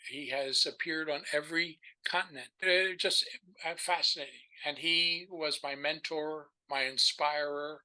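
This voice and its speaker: Bright, animated older male storyteller. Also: mid-range voice, rough recording. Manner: animated, rambling storyteller with restarts. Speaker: podcast guest. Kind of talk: storytelling in a casual chat.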